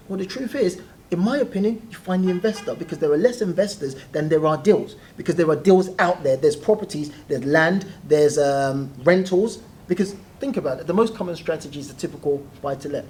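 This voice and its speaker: Animated guest telling stories. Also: medium pitch, a little fast, slight background noise. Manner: animated, laughing, acts out quoted voices. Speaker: guest, property deal trainer. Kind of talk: casual interview storytelling.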